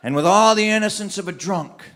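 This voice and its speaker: Brief: comic stage storyteller, man, high bright voice, animated. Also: a little fast. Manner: animated, comic timing, laughs along. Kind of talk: comic tall-tale storytelling to a live audience. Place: live stage performance.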